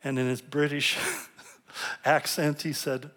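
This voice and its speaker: A man's voice: mid-range voice, little pitch movement, slow pace, fairly bright tone. A male pastor giving a conversational sermon, telling stories with light humor and often restarting and repeating words as he builds a point.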